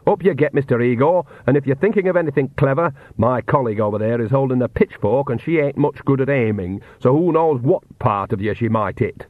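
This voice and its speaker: A man's voice: mid-range voice, dry recording, close to an everyday voice. A man voicing a cheerful, shrewd old countrywoman witch with a folksy rustic way of talking. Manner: rustic folksy dialect, brisk and bossy. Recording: tinny phone-like dry sound.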